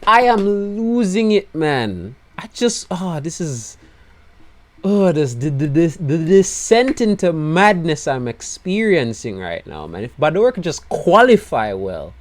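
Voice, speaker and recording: Hoarse man swinging from mutter to outburst. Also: fairly high pitch, measured pace. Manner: swings between despairing mutters and loud excited outbursts. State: voice going hoarse. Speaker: gaming video creator. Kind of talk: live gameplay commentary.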